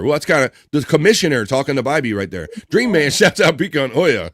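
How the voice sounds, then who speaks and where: A man hosting a casual live stream, reading out chat messages and greetings in a lively, chuckling way. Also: mid-range voice, a little fast, hardly any pauses, dry recording, clean studio sound. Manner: lively, reads chat names aloud, chuckles often.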